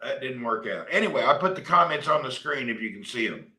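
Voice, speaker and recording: A man's voice: medium pitch, animated, quick pace, bright, forceful tone. A man hosting a casual livestream, joking in a folksy way and reading viewer comments aloud. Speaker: livestream host. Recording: echoey room.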